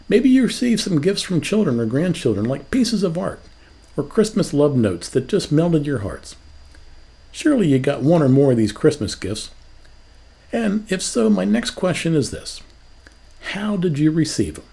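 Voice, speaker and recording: A man's voice: fairly high pitch, very animated, moderate pace, mellow. An older man preaching a sermon as a pastor, asking rhetorical questions in a conversational way.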